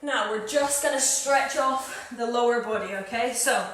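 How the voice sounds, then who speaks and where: A woman's voice: a little high, moderate pace, a bit bright, slight background noise. A woman fitness coach giving upbeat workout cues and counting down reps, recorded at home. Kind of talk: live workout instruction. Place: home room. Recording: echoey room, far from mic.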